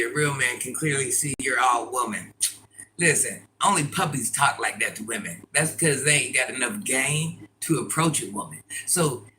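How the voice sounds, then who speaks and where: Bright-voiced blunt man streaming. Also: a little high, slight background noise, rough recording. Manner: blunt, preachy, heavy slang. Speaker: livestreamer and peer support specialist. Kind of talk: casual livestream chat.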